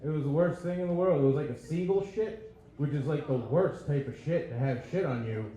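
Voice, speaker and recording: A man with a high, mellow voice works a crude, self-deprecating stand-up set on a club stage. His handheld mic rings in a very echoey room, with faint audience sound behind him. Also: a little fast. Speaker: stand-up comedian. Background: audience laughter.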